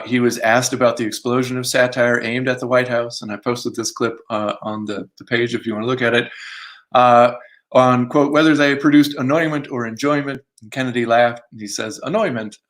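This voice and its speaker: American author reading aloud, self-mocking asides. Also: male voice, mid-range voice, fairly even intonation, brisk, a bit bright. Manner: academic, self-deprecating asides, frequent uh fillers. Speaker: author giving a book reading. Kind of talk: reading from his book with asides.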